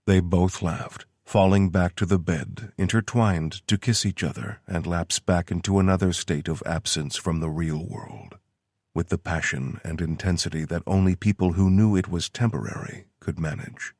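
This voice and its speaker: A man narrating an audiobook in a steady, measured way. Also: low voice, dry recording, studio quality.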